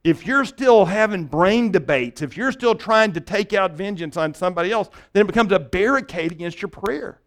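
A man's voice: high-pitched, expressive, normal speed, hardly any pauses, a bit bright. A male pastor preaching a conversational sermon, often restarting phrases and checking in with "right?".

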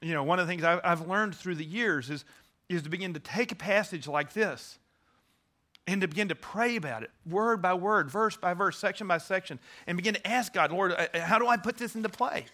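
A man's voice: high voice, brisk, sharp tone. A man preaching a sermon, earnest, stressing key words and often restarting his sentences. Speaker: pastor.

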